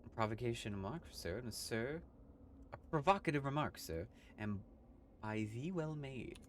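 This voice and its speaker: A prim, fussy landlady talking in stilted old-fashioned phrases, as a man puts her on. The pitch stays at an ordinary male level over a faint hiss. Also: expressive, normal speed, close to an everyday voice. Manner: stilted archaic speech, thee and thou.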